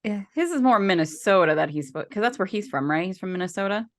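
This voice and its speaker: A woman co-hosting a podcast talks at a quick pace in an expressive, mid-range voice. She chats casually and rambles, with plenty of fillers and restarts.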